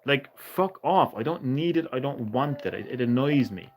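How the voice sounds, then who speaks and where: A man talks casually to his stream viewers, ranting and swearing freely. His voice sits at an ordinary pitch. Faint music plays behind him. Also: lively intonation, normal speed. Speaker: gaming streamer. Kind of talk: casual live-stream chat.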